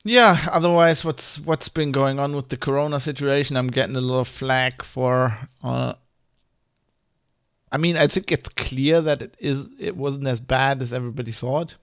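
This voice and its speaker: A man's voice: medium pitch, fairly even intonation, moderate pace, fairly bright tone, clean tone, dry recording, studio quality. A man with a mother tongue, ranting in a casual vlog, rambling and heated, with many restarts and swearing. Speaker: vlogger. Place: Germany.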